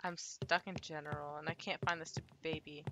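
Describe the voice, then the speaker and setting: A young woman streams a co-op horror game with a friend, jumping and swearing whenever she's startled. Her voice is low and sharp, a little fast, with little pitch movement and a slight hiss or hum.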